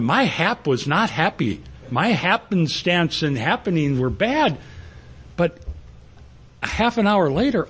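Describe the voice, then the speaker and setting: Pastor, male, husky, folksy rambling storyteller in a sermon. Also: fairly high pitch.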